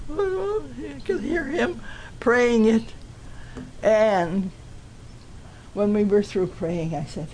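A woman's voice: on the high side, drawn-out words, crowd noise. A woman giving an earnest, emotional personal testimony to a church gathering.

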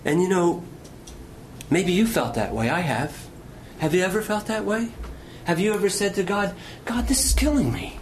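A man delivering an impassioned sermon. His voice sits high and swings widely in pitch, rising on emphatic lines and dropping to hushed near-whispers. A faint room ambience hangs behind him. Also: a little hiss or hum. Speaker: pastor.

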